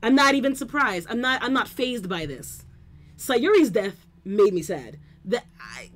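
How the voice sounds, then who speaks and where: A woman streaming a game, reacting with excitable, exclamatory commentary. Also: fairly high pitch, measured pace. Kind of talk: let's play commentary.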